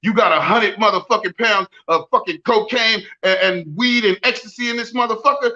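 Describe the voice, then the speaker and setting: A man hosting a podcast, talking casually and profanely, breaking into loud, ranting bits. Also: high-pitched, fairly quick, hardly any pauses, highs cut off. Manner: profane, boisterous, swings into loud rants. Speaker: podcast host. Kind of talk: casual chat.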